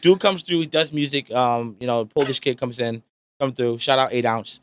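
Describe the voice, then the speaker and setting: A man's voice: medium pitch, moderate pace, smooth, no room sound. A young man, a podcast guest chatting casually in a laid-back, slangy, rambling way. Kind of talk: casual chat. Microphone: studio podcast mic.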